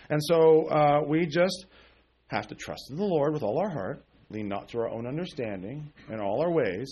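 Husky man preaching a casual sermon. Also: a little high, darkish tone, dull audio. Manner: conversational preaching with frequent "okay?" and call-and-response questions. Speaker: pastor.

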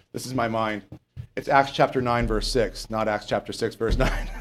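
A man's voice: medium pitch, fairly even intonation, moderate pace, soft background music. A man preaching a conversational sermon, rambling and joking as he reads the Bible, sometimes losing his place and stressing key points. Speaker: pastor.

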